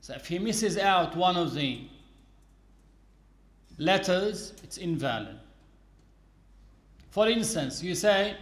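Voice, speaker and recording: A man giving a religious lesson, explaining rules deliberately with everyday examples. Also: sits high, animated, a bit bright. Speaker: Islamic teacher. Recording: echoey room.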